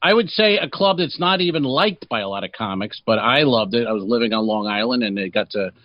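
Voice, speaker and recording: A man's voice: medium pitch, lively intonation, fairly quick. A man co-hosting a comedy podcast, telling a rambling story and acting out the people in it. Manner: rambling storyteller, acts out quotes. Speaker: podcast co-host. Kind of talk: casual comedy podcast chat. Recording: dull, dry lo-fi sound.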